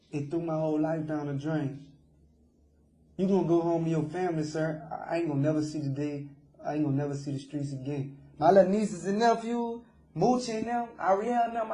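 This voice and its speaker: A man's voice: a little high, warm tone, echoey room. A young man, speaking remorsefully in a jailhouse interview and often calling the interviewer sir. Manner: remorseful, repeatedly saying sir. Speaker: jailed suspect being interviewed.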